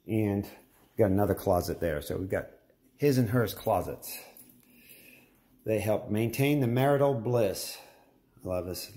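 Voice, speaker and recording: A middle-aged home builder with a deep, warm voice gives a folksy, enthusiastic tour of a house. He narrates casually, pointing things out as he walks through.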